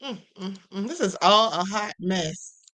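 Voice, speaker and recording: A woman hosts a live stream with sassy commentary, often calling her viewers honey. Her voice swoops widely and rings bright. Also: medium pitch, animated, measured pace. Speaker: host.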